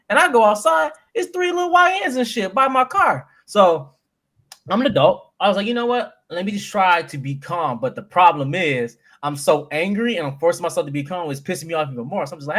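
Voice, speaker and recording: A young man co-hosting a podcast, telling stories in an animated, profane, laughing way. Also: a little high, brisk. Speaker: podcast co-host. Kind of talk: casual chat.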